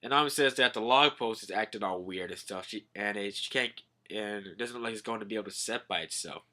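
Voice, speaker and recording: A man's voice: fairly low pitch, quick pace, bright, forceful tone. A young man casually recapping a comic, rambling with "all like" quotes and swearing. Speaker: manga reviewer.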